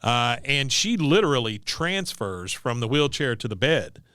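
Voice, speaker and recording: A man hosting a podcast, recapping an episode in a casual, animated way. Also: medium pitch, measured pace, smooth, dry recording, studio quality. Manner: animated, laughing storyteller. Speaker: podcast host.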